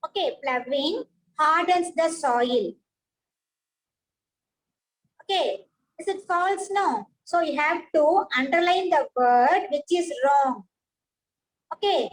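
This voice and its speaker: Woman, high voice, science teacher, patient and repetitive, praises pupils. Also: rough recording. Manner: patient, repeats and praises students by name. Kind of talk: online class teaching.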